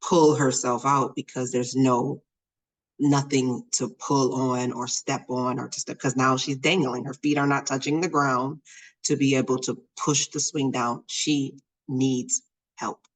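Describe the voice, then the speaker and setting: A middle-aged woman hosting a podcast, telling a personal story in an animated, expressive way with many fillers. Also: extremely low pitch, low-quality recording. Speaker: podcast host.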